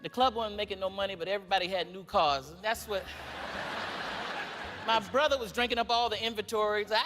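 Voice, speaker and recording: A man who is a comedian telling stories in an excitable, animated way, acting out the voices. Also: sits high, quick pace, big-room sound, over music. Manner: excitable, acts out every voice in stories. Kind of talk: animated comic storytelling.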